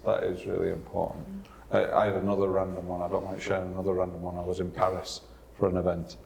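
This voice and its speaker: A man with a low, gravelly voice hosts a podcast, spinning anecdotes with chatty energy. The small meeting room gives an echoey sound with faint ambience behind him. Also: a little hiss or hum. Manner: animated storyteller, chatty. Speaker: podcast host. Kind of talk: casual conversation, anecdotes.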